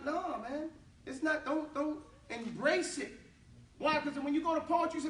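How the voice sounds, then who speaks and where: A man's voice: very high-pitched, brisk, fairly bright tone, a little hiss or hum. A man teaching an Arabic class, drilling the students in call and response with a casual, joking manner. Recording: echoey room, distant mic, class audible.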